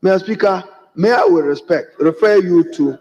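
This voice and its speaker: A man's voice: high voice, normal speed, darkish tone. A man with a Ghanaian English accent, a member of parliament giving an emphatic debate speech that keeps addressing the Speaker. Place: parliament chamber. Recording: dull lo-fi audio with long chamber reverb.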